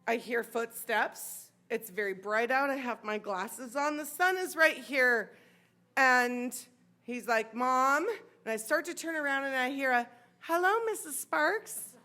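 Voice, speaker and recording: American woman in her 40s telling a story on stage, high bright voice, unhurried, acts out the voices. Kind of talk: live personal storytelling on stage. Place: sports bar stage.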